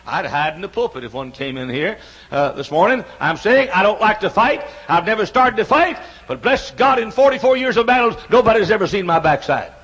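Man, 60s, preacher, high voice, husky, repetitive rhythmic sermon, dull lo-fi recording. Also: expressive, a little fast. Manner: rhythmic repetition, rising to shouts. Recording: dull lo-fi sound.

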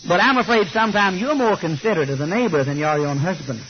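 Brief: older man preaching, joking storyteller, higher voice, muffled lo-fi recording. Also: quick pace. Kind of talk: sermon. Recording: slightly muffled recording with faint hiss.

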